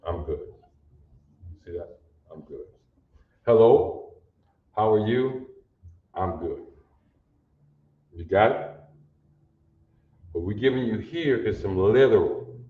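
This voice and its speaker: A man gives a language lesson at an unhurried, deliberate pace, breaking phrases apart and repeating each point. His voice sits a little low. The audio is muffled and lo-fi, with a roomy echo around him. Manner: slow, repetitive, checks understanding often. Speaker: language teacher. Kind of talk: classroom lesson. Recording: dull lo-fi audio in an echoey room.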